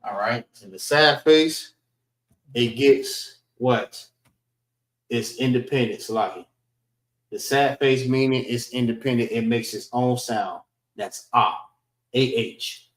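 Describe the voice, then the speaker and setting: A man teaching a class, slowly sounding out letters and checking in with the group as he goes. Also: mid-range voice, far from the mic. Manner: slow and deliberate, sounding out letters, frequent "all right" checks. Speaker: class instructor. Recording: roomy echo.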